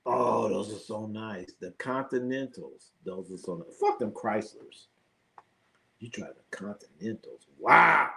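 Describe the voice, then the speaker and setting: A middle-aged man hosting a live sports stream, chatting casually with viewers and telling profane, animated stories. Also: fairly low pitch, measured pace, gravelly.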